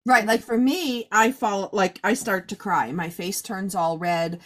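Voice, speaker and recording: A woman's voice: mid-range voice, steady tone, unhurried, fairly bright tone. A woman in her fifties hosting a casual interview, talking in a chatty, rambling way full of fillers. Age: 50s. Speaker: podcast host. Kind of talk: casual chat.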